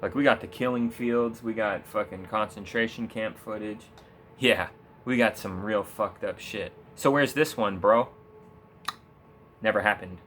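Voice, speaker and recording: A young man on a gaming stream, ranting about politics with heavy sarcasm and plenty of swearing. His pitch swings up and down as he rambles, with a faint rumble behind him. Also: unhurried, fairly bright tone. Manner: sarcastic, profane, rambling, laughs often. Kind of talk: casual political rant while gaming.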